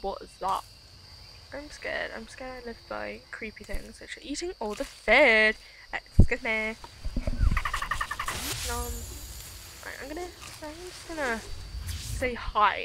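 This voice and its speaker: A woman giving chatty, excitable, giggly commentary while she plays a video game. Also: a little high, a little slow, creaky, long pauses, noisy background. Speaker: gaming channel host. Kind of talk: let's play commentary.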